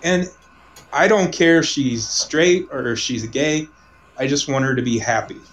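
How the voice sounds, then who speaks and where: A man from Omaha telling a personal story in casual conversation, rambling, restarting sentences and trailing off softly. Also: medium pitch, a little slow, rough recording.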